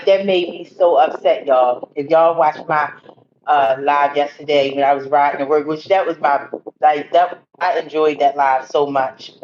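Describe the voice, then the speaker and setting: A woman's voice: low-pitched, steady tone, measured pace, darkish tone, dull audio, slight background noise. A woman hosting a casual livestream, rambling and talking straight to her viewers. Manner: rambling, talks to viewers directly. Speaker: livestream host.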